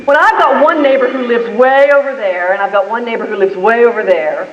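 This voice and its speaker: Speaking fairly quickly in a voice on the high side, a woman who owns a business delivers an inspirational talk full of acted-out stories. The recording is dull and echoey, captured far from the mic in a meeting room.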